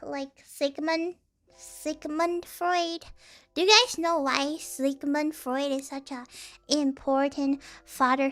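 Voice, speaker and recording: A woman's voice: high-pitched, a bit bright. A young woman streamer telling a rambling story in casual chat, full of fillers and restarts.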